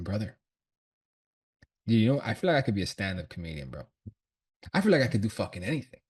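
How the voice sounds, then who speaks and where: Casual trading streamer: a deep-voiced man with a husky edge, slangy and loose. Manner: slangy, swears, laughs often, thinks aloud. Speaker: trader streaming his chart analysis. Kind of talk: casual livestream chat. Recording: voice from a distant mic.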